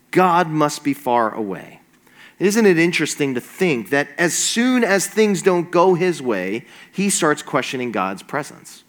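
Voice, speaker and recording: A young adult man preaching a sermon, telling a story in an animated way and acting out the quoted voices. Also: fairly high pitch.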